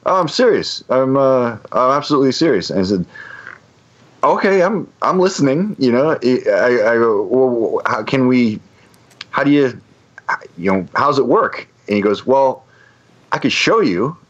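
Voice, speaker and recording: A man's voice: mid-range voice, expressive, moderate pace, highs cut off. A man telling a long story on a podcast, rambling with many restarts and fillers. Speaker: podcast guest. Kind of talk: casual storytelling.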